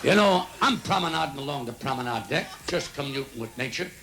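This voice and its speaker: A man's voice: medium pitch, expressive, fairly quick, hardly any pauses. A man telling a stand-up joke in a chatty storytelling way. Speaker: comedian.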